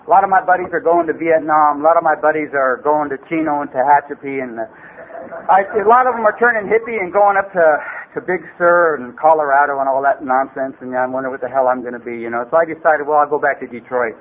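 A man's voice: fairly high pitch, fast talker. A man in his forties telling his story at a recovery meeting, rambling and streetwise, with "you know" every few words. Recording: tinny lo-fi tape with faint hiss.

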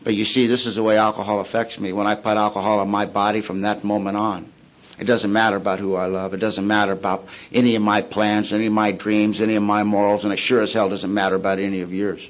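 A man giving a personal testimony at a recovery meeting, telling his story in colloquial, plain-spoken words with dark humor. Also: lowish voice, flat delivery, fast talker, highs cut off.

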